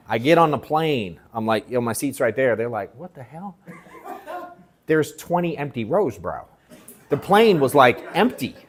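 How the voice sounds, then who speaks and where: Holding forth to a workshop crowd in an event room, a sales coach spins a casual, slangy story and swears freely. He acts out what people said to him with animated quotes, speaking a little slowly in a mid-range voice over slight background noise.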